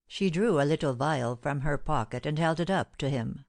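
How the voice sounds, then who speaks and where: A woman reads a classic novel aloud for an audiobook, her voice sitting notably low. The delivery is measured and steady, scripted narration throughout. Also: no room sound, clean studio sound.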